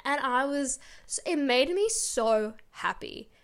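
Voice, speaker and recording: A woman's voice: high-pitched, lively intonation, slow, slight background noise. A young woman from Australia co-hosting a podcast, telling stories earnestly and emphatically. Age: young adult. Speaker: podcast co-host. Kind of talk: casual chat.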